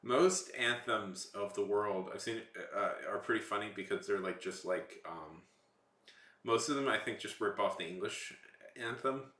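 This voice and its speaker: A man's voice: fairly low pitch, moderate pace, fairly bright tone, reverberant. A young man chatting casually and rambling while drawing on a stream. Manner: rambling, lots of fillers and trailing off.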